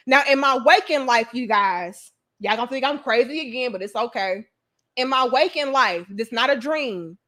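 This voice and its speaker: Animated high-voiced woman telling a story. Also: a little slow. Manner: animated, chatty, swears freely, addresses viewers as y'all. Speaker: vlogger. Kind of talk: casual storytelling to viewers.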